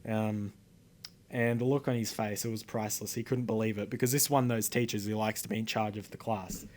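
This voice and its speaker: A man's voice: lowish voice, fairly even intonation, brisk, a little mellow. A teenage boy with an Australian accent, telling a rambling, indignant story to camera with many fillers and swearing. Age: teens. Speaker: vlogger.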